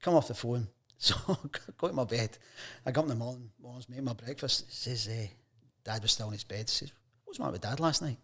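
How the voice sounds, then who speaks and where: Scottish man telling lively anecdotes. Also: medium pitch, fast talker. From Scotland. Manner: lively anecdotes, acts out quoted voices. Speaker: guest, sports journalist. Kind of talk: casual storytelling interview.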